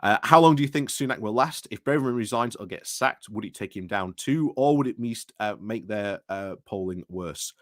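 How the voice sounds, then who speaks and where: A man's voice: lowish voice, lively intonation, moderate pace, few pauses, no echo, clean studio sound. A British man hosting a casual livestream, rambling through commentary with restarts and greetings to chat, recorded indoors at home. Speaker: livestream host.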